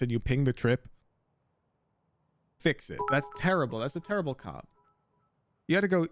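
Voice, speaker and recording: A man's voice: fairly high pitch, sing-song, a little fast, pauses often, no echo. Emphatic man coaching over gameplay. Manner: emphatic, repeats key points, blunt. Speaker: game coach. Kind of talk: coaching gameplay review commentary.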